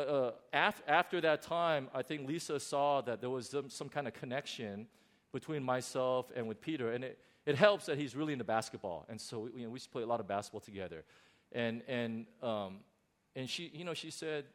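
Middle-aged male pastor, lively storytelling sermon voice, frequent false starts. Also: medium pitch, fairly quick. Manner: animated storytelling with many restarts. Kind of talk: sermon testimony.

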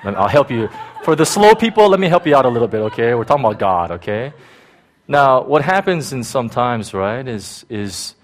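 A man's voice: mid-range voice, very animated, brisk, a little hiss or hum. A man preaching a sermon in a loose, conversational way, tossing in frequent asides and checking in with the congregation. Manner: conversational, lots of "you know" and "right?". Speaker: pastor.

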